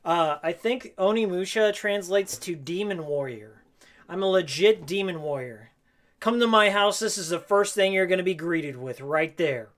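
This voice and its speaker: Hoarse, rambling male streamer. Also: high voice, animated, moderate pace, fairly bright tone. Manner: rambling, jokey, repeats his own phrases. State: hoarse, losing his voice. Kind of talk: casual live-stream chat while cleaning. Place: game room at home, indoors.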